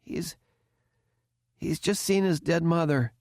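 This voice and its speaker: A man's voice: high-pitched, unhurried, no room sound, clean studio sound, pitched above the performer's own voice. A man voicing a nervous young cadet. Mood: haunted. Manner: stammering, anxious, rising into panic.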